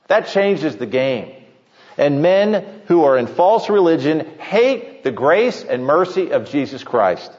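A pastor delivering a sermon with emphatic preaching, slowing down to stress key points. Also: male voice, a little high, darkish tone. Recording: muffled sound with long hall reverb.

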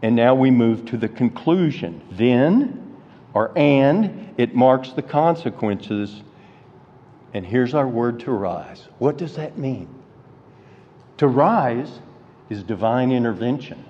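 A man's voice: mid-range voice, lively intonation, slow. A man preaching a sermon, teaching through Bible verses and asking rhetorical questions. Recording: dull lo-fi audio with hall reverb.

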